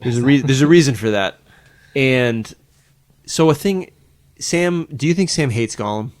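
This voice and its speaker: A man's voice: mid-range voice, animated, a little slow. A man co-hosting a podcast in casual chat, rambling and searching for words with many restarts. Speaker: podcast co-host.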